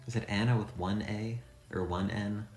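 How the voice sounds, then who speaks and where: A man's voice: fairly low pitch, steady tone, normal speed, a little mellow, soft background music. A man streaming a game, rambling and thinking aloud with a self-deprecating, offhand manner. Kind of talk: casual let's-play commentary. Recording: echoey room sound.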